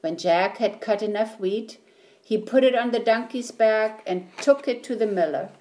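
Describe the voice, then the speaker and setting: A woman reading a children's story aloud, slowly and clearly. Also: on the high side, a little mellow. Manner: slow, clear, deliberate reading.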